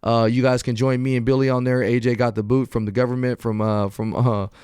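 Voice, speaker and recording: A man of middle pitch with a smooth, resonant voice hosts a podcast in easy conversation. He talks earnestly and encouragingly to his listeners. The sound is dry and close, with no room echo. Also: flat delivery, fast talker, darkish tone. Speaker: podcast host. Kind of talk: casual podcast chat.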